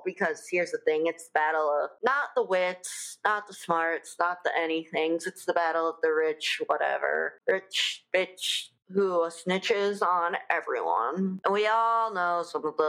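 A woman's voice: sits low, creaky, fairly bright tone. A young adult woman hosting a podcast in casual, gossipy chat, with many fillers. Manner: chatty, gossipy, lots of fillers. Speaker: podcast host.

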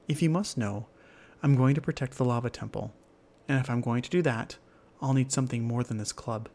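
A man reading aloud gives a young girl giant who is blunt and impatient, set on getting her way. The voice carries a gravelly rasp at the bottoms of its phrases, with a low, worn edge. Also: fairly quick, darkish tone, close to an everyday voice. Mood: determined.

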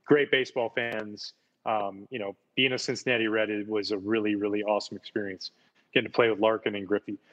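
A man's voice: fairly low pitch, little pitch movement, a little fast, fairly bright tone, lo-fi sound. A man, a former baseball player, chatting casually and telling enthusiastic stories about his playing days, often repeating words for emphasis. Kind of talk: casual chat, storytelling.

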